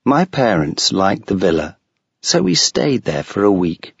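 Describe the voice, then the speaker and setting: A man reading a story aloud in a slow, careful, scripted narration for learners. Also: on the low side, sing-song, no room sound. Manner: slow, clear graded-reader delivery. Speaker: audiobook reader. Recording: dull, lo-fi sound.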